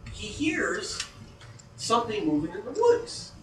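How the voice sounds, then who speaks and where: A man's voice: high voice, sing-song, measured pace, a little hiss or hum. A man telling a story in a casual, profane way, acting out scared reactions as he goes. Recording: echoey room heard from a distance.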